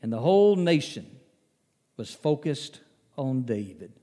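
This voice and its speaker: A male preacher telling a Bible story in a folksy, animated sermon. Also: mid-range voice, measured pace. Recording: long reverb of a large hall.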